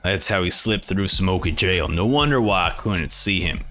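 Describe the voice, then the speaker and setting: A man voicing a gruff, calculating older male fighter in a low, grim, measured way. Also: animated, pushed and bright, a little hiss or hum.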